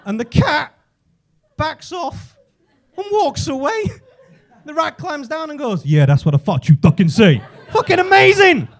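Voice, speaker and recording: An English man doing a stand-up comedy set on a club stage, telling stories full of swearing and shouting out the punchlines. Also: extremely high pitch. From England. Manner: profane, animated storytelling with shouted punchlines.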